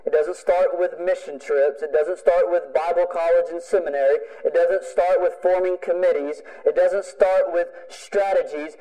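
A male pastor delivering a sermon with emphatic, repetitive phrasing. His voice sits a bit high but sounds mellow and dark. It rings out with a long hall reverb, as in a church sanctuary. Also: fairly even intonation, normal speed, hardly any pauses. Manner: emphatic preaching with repeated phrases.

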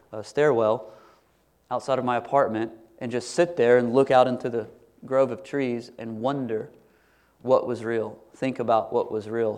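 A middle-aged man preaching a sermon as pastor, earnest and conversational, often asking his listeners questions. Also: mid-range voice. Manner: earnest, conversational, asks the congregation many questions.

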